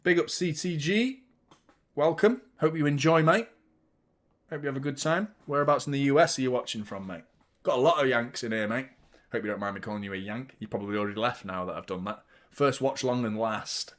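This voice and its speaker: Man, young adult, football stream host, casual banter, sweary, mid-pitched voice. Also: fast talker, fairly bright tone. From United Kingdom. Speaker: football fan channel host. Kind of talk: live watchalong commentary and chat.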